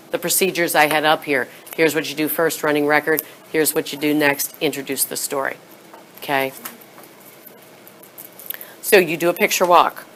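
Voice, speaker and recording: A woman's voice: low-pitched, a little hiss or hum. A woman presenting a teacher training session in a workshop room. She acts out classroom prompts and drops to a whisper to model them.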